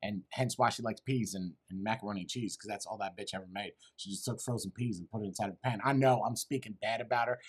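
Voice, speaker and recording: A man's voice: lowish voice, fast, few pauses, breathy edge. A middle-aged man telling crude, rambling comic stories to a live chat and swearing constantly. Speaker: comedian streamer.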